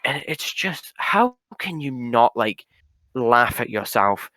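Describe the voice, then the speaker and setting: A man's voice: medium pitch, very animated, takes it slowly, sharp tone, no room sound. A man chatting casually on a podcast, rambling and swearing a lot, with frequent stumbles and restarts. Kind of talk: casual chat.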